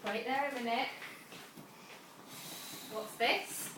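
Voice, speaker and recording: A woman, a parent, asking a toddler slow, sing-song questions in a home video. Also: fairly high pitch, fairly even intonation, background noise. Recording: echoey room, camera mic from a distance.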